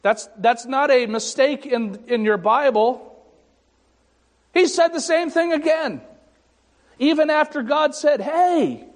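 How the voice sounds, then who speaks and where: A man preaching a sermon as pastor, pausing dramatically and voicing scripture and God's words with rising emphasis. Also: very high-pitched. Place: church sanctuary. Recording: long hall reverb.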